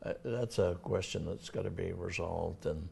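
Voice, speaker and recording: An older man with a Massachusetts accent, a town administrator talking in a casual local TV interview, halting with many fillers and restarts. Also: low voice, gravelly, dark tone, breathy edge.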